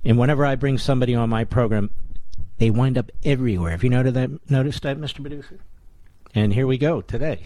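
A man's voice: mid-range voice, fast talker, warm tone. A middle-aged man hosting a talk radio show, delivering a combative, sarcastic monologue full of rhetorical questions.

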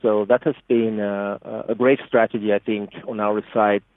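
A Swedish-accented man, a guest from product marketing, gives earnest explanatory interview answers full of restarts and fillers. His voice is fairly low and flat at a normal pace, heard over a tinny, phone-like, dry line.

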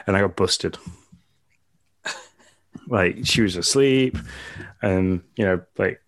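A man's voice: deep voice, slow, dry recording. A man co-hosting a podcast in easygoing casual chat, rambling a little and chuckling often. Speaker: podcast co-host.

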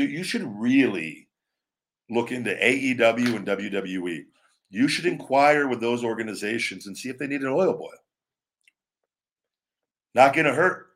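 A man's voice: lowish voice, fairly bright tone. A middle-aged man hosting his own live show, chatting with viewers in a rambling way, often restarting his sentences and calling listeners brother or man, and teasing them playfully. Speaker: show host. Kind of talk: live-stream chat answering viewers.

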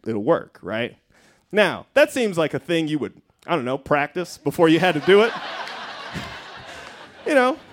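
A comedian from Denver, Colorado, tells a story on a theater stage with a high voice that leaps all over the place. He talks animated and profane, acting out his own panic in bursts. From Denver, Colorado, USA. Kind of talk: live stand-up storytelling. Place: theater stage before a live audience.

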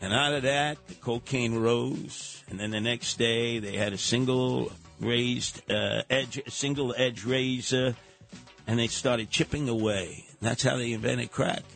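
An older man with a New York accent hosting a radio talk show, telling stories in an animated way and slipping into other voices. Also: medium pitch, unhurried, creaky, faint music behind.

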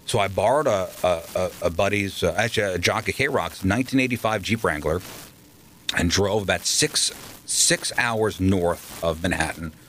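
A man's voice: low-pitched, normal speed, slight background noise, poor audio. A man telling a long story in a casual interview, acting out the people he quotes. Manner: animated storyteller, acts out quoted voices. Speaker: radio host guest.

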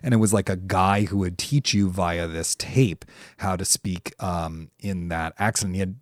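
A man co-hosting a podcast, talking in an animated, thoughtful way with many fillers. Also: low-pitched, unhurried, no room sound, clean studio sound. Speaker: podcast co-host. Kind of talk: casual conversational chat.

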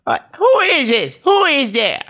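A man putting on the voice of an elderly grandmother who is shouting suspiciously through a door buzzer. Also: huge pitch swings, a little slow, exaggerated voice. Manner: high, loud and suspicious.

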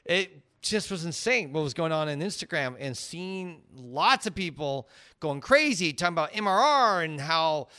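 Upbeat bright-voiced male podcast host. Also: a little high, animated, moderate pace. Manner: upbeat, jokey. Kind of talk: casual podcast chat.

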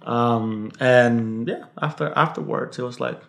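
A man's voice: mid-range voice, a little slow, vocal fry. A man, an English speaker, telling a story in an interview, rambling with restarts and swearing. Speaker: guest, local fixer.

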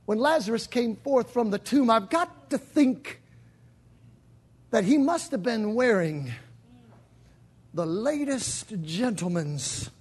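A male pastor delivering a dramatic sermon in a church, swinging from shouted lines to near whispers. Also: extremely high pitch, lively intonation, takes it slowly, pauses often, breathy edge. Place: church sanctuary.

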